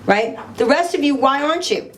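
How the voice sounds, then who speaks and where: A woman's voice: high-pitched, lively intonation, normal speed, crowd noise. A middle-aged woman giving a live motivational talk on stage, telling stories animatedly, acting out dialogue and putting questions to the audience. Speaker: motivational speaker.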